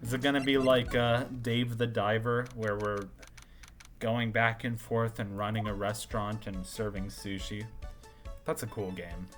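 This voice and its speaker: A man's voice: on the low side, little pitch movement, measured pace. Joking man over game music. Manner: joking asides, trailing off. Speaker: game streamer. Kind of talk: casual let's-play commentary.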